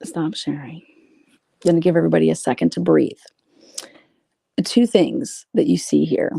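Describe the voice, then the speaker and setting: A woman's voice: low-pitched, moderate pace, vocal fry, mellow, breathy edge, no room sound, studio quality. A woman reading out private messages and commenting on them in a blunt, profane, sarcastic way. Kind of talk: casual commentary reading screenshots.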